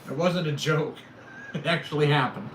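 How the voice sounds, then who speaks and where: A man's voice: fairly high pitch, measured pace. A middle-aged man hosting a casual livestream from home, telling stories in a rambling, self-mocking way. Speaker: livestream host. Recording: echoey room with loud background noise.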